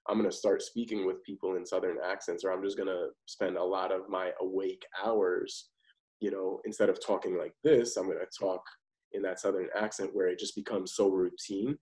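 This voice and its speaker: A man guesting on a podcast, an actor describing his craft. His voice is very low, and he talks loosely and with confidence, in an easy conversational flow. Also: dark tone, poor audio. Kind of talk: casual interview chat.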